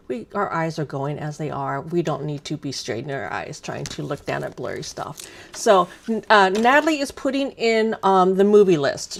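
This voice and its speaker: Chatty woman in her fifties with gravelly voice. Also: medium pitch, a little hiss or hum. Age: 50s. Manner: chatty, rambling, self-deprecating, many ums. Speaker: craft live stream host. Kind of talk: casual live stream chat.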